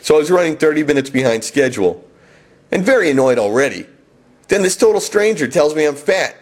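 Man, comic storyteller, husky voice, a bit high, wry deadpan. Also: fairly quick. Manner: wry, deadpan self-mocking. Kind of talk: comic personal narration.

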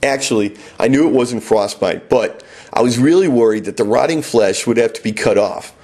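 Husky middle-aged male storyteller, wry and self-mocking. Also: mid-range voice, moderate pace, darkish tone. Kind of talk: first-person storytelling.

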